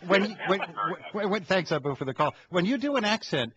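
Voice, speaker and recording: A man's voice: sits high, very animated, brisk, a bit bright, husky, no room sound, muffled recording. A man hosting a radio interview, easygoing and stumbling a bit over his questions. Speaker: radio host. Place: radio studio.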